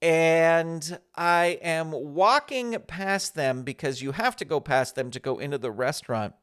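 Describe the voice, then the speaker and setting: A man's voice: fairly high pitch, unhurried, smooth. A man in his fifties, a podcast host telling a chatty, self-deprecating story in a casual monologue. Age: 50s. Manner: chatty, self-deprecating, animated when quoting others.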